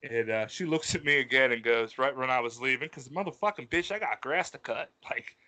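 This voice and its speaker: Bright-voiced man telling a profane story. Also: medium pitch, a little fast. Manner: profane, animated, laughs through his stories. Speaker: podcast co-host. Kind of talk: casual storytelling chat.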